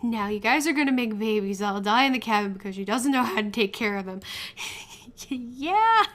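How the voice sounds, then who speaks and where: A woman's voice: on the high side, expressive, moderate pace, a bit bright. A woman streamer reading a dating game aloud in a playful way, laughing often and swearing.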